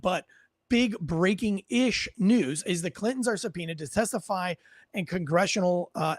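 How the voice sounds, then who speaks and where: A man's voice: on the high side, dry recording. A man hosting a podcast in a casual, rambling storytelling way, often restarting his sentences. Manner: rambling, self-correcting storyteller. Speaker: podcast host.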